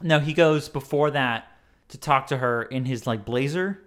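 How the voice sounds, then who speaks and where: A man's voice: medium pitch, normal speed. A man co-hosting a podcast, recapping a TV episode in a chatty, joking way. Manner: chatty, jokey, lively, acts out characters' lines. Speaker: podcast co-host. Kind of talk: casual chat recapping an episode.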